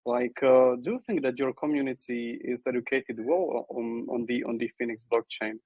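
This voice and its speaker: A man hosting a podcast, asking a guest a long question haltingly with many fillers. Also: medium pitch, steady tone, no echo, phone-quality sound. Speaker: podcast host. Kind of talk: casual podcast interview.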